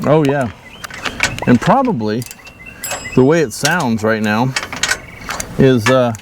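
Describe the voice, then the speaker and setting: A folksy man chats slowly to the camera while he works on a trailer outdoors. He talks in an easygoing, self-mocking way and chuckles at his own mistakes. Faint outdoor noise sits behind him. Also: mid-range voice, lively intonation. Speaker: channel host doing a boat trailer fix-up. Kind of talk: casual DIY vlog talk to camera.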